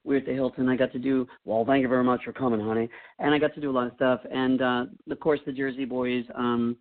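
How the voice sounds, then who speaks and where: A man's voice: mid-range voice, flat delivery, fast. An older man chatting as a guest in an interview, in a jokey, rambling way. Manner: jokey, rambling, slips into impressions. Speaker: guest entertainer. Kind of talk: casual interview chat. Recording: tinny phone line.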